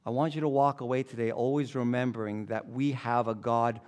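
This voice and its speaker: A man's voice: medium pitch, fairly even intonation, brisk, few pauses, darkish tone. A man preaching a sermon as pastor, reading scripture, telling jokes and repeating key phrases for emphasis.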